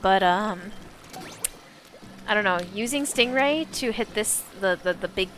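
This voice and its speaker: A woman streamer chatting casually and excitably while she plays, swearing now and then. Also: mid-range voice, unhurried, faint music behind. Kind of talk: casual live gaming chat.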